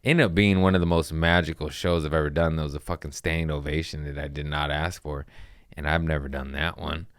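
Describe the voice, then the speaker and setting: Deep-voiced young guy on a podcast, swears a lot, rambles, says bro, dry close sound. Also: steady tone, a little fast, fairly bright tone, clean tone, no room sound. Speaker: comedian and podcast host. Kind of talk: casual podcast storytelling.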